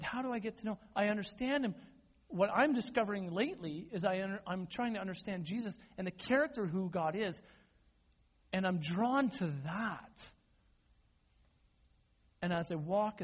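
A man preaching a sermon as a pastor, conversational and self-deprecating, often restarting his words. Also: sits high. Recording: dull lo-fi sound.

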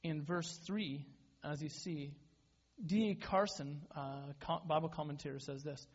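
A man's voice: on the high side, steady tone, measured pace, husky. A man preaching a sermon as a pastor, conversational and self-deprecating, often restarting his words. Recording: dull lo-fi sound.

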